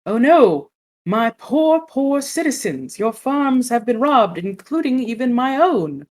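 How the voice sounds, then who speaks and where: A woman's voice: fairly high pitch, big pitch swings, slow, pitched above the performer's own voice. Woman doing a theatrical Mushroom King. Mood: lamenting. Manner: theatrical and grieving. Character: lamenting puppet Mushroom King.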